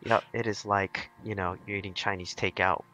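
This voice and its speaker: A man running a tabletop horror game, explaining things to players in a relaxed, casual way. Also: fairly low pitch, normal speed, soft background music, rough recording. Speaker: game master.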